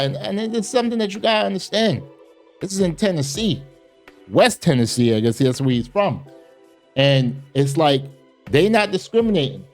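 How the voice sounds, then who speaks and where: Male commentary host, lively swinging pitch, slangy and emphatic, casual reaction talk.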